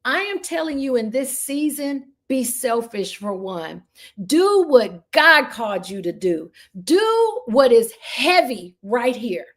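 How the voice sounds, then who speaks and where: Woman trainer, high voice, fervent motivational preacher cadence, live online session. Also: sing-song, takes it slowly, a bit bright. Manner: fervent, preacher-like, addresses audience as y'all. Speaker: real estate trainer.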